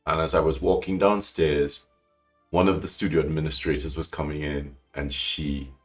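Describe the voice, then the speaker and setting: A guest calligrapher on a podcast shares a personal story in a very low, deep voice at a moderate pace, with soft music in the background. He's emotional and animated, jumping way up in pitch to act out what people said, and he often breaks off and starts his sentences over.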